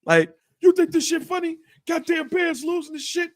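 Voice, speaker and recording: A livid older dad yelling and cussing at his son, as a man acts him out. The voice jumps far above the man's normal pitch and comes out loud and strained. It is fast and close on a dry mic. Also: big pitch swings, gravelly, no room sound, full character voice. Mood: furious. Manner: shouting, cussing, accusing. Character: furious older father, a diehard football fan.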